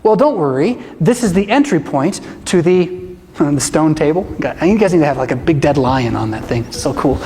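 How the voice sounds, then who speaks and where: A middle-aged pastor giving an animated, emphatic talk to a church audience, often tossing in rhetorical questions. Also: male voice, on the high side, moderate pace. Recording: long reverb of a large hall.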